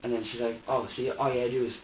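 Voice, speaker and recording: Agitated cursing man, mid-pitched voice, roomy interrogation room, distant muffled mic, faint hiss. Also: flat delivery, racing. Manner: profane, heated, rambling, quotes both sides of an argument. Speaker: person being questioned.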